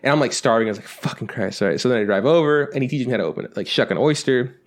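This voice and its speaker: A young man rattles through a long story at a quick clip, full of asides and little acted-out quotes. He swears casually and keeps an easy, chatty podcast tone. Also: medium pitch, animated. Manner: rambling anecdotes with acted-out quotes, swears freely. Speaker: podcast co-host.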